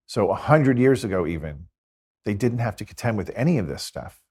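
Male catholic priest, low voice, earnest interview storytelling. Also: big pitch swings, brisk, darkish tone, husky. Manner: earnest, tells stories with quoted dialogue.

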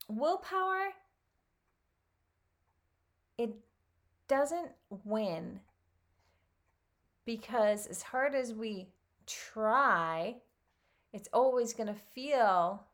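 A health coach reading a children's story aloud and then commenting on it in an animated way, with frequent laughs. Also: female voice, a little high, very slow, pauses often.

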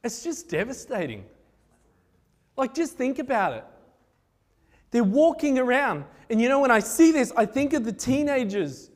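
A man preaching a sermon, retelling scripture in a lively, conversational way with chatty asides. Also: very high voice, moderate pace, long pauses. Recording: echoey hall.

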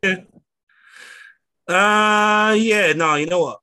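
Bright-voiced southern English man. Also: high voice, drawn-out words, clear, resonant tone. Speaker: podcast co-host. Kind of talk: casual chat.

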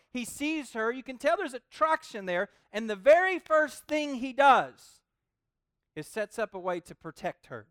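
Preaching a sermon to a young audience, a man keeps things informal and animated, often asking "okay?" and calling them guys. His voice is extremely high and a little slow, in a dry, studio-quality recording.

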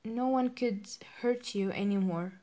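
A young woman hosting a podcast, talking through a personal reflective monologue in an emotional, halting way with many fillers and restarts. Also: medium pitch, warm tone. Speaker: podcast host.

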